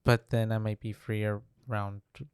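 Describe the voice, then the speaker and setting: Man, podcast co-host, casual movie chat, relaxed, agreeable, smooth voice, dry room. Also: fairly low pitch, normal speed, no room sound. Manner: relaxed, agreeable, frequent "mm-hmm" and "um".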